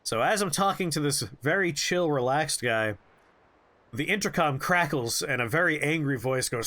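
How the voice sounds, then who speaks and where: A man's voice: on the high side, animated, moderate pace, bright, forceful tone. A young man streaming a game who tells a rambling, jokey story with lots of animation. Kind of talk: storytelling while playing a game.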